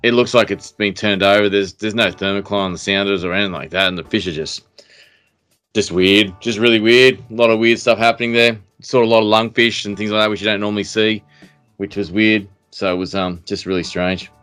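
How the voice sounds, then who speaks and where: Low-voiced Australian man telling a rambling story. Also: steady tone, brisk, a bit bright, clean tone, faint music behind. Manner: rambling storyteller, many restarts and fillers. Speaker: podcast host. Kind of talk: casual chat.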